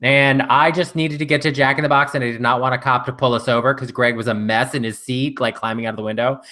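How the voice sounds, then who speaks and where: Male co-host, bright tone, rambling chatty delivery full of fillers. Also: mid-range voice, steady tone, quick pace. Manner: rambling storyteller with many fillers. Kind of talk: casual live chat.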